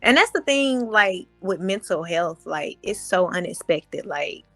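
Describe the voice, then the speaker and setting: A woman's voice: fairly low pitch, lively intonation, a little slow, bright, forceful tone, no room sound, faint music behind. A woman in her thirties, a podcast guest talking candidly and expressively, acting out her own thoughts as quotes. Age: 30s. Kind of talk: casual candid conversation.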